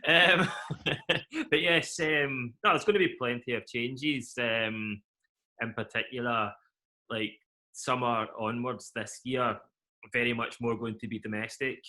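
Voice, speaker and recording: A young Scottish man with a strong Glasgow accent answers questions about his business. His voice is bright and forceful at a middling pitch. He fills his answers with ums and laughs easily. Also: fairly even intonation, measured pace. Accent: Glaswegian Scottish. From Scotland. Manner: many fillers, laughs easily. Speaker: event company chief, interview guest. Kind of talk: video interview answers.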